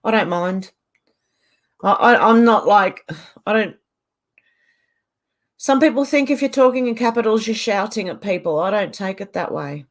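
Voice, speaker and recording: A woman's voice: mid-range voice, lively intonation, moderate pace, long pauses. A woman hosting a casual livestream, reading viewers' comments aloud and answering them in a chatty way. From Australia.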